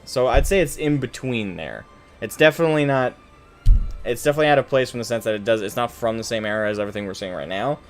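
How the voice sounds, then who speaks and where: A man streaming a game live, chatting casually with viewers, rambling and correcting himself as he jokes with the chat. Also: mid-range voice. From United States.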